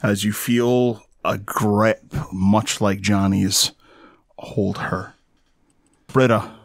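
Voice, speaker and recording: A man narrating as game master of a tabletop horror game, slow and deliberate as he sets each scene. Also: on the low side, steady tone, no room sound, studio quality.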